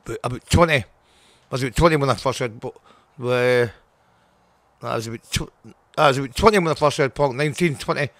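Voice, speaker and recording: A man's voice: medium pitch, fast, pauses often, a bit bright, no room sound. An older man with a Scottish accent, a punk singer interviewed as a guest, talking bluntly and swearing a lot as he rambles. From Scotland.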